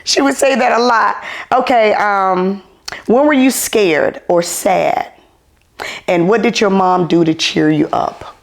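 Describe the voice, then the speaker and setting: A woman hosting a podcast in casual chat, an animated storyteller who laughs often. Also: mid-range voice, slow, creaky. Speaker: podcast host.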